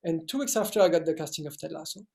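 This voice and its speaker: French-accented man, gravelly voice. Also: a little high, a little mellow. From France. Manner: halting, many restarts and fillers. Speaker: actor guest. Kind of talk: casual interview talk.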